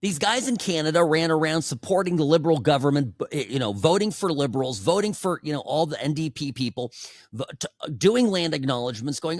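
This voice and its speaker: A man's voice: fairly high pitch, expressive, a little fast, no echo, clean studio sound. A man in his forties hosting a political talk show, giving opinionated commentary in a sarcastic, conversational way with many asides. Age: 40s.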